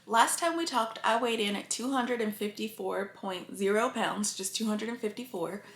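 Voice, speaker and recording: Woman vlogger, mid-pitch, confiding and teary, echoey room. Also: moderate pace, a bit bright. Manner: earnest and confiding, addresses viewers often. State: emotional, near tears. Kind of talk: casual talk to camera.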